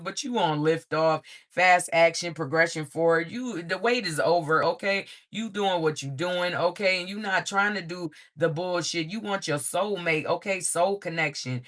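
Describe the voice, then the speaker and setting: Profane, lively man reading tarot cards. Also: sits high. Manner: profane, frequent "okay?" check-ins; animated, laughs often. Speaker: tarot reader.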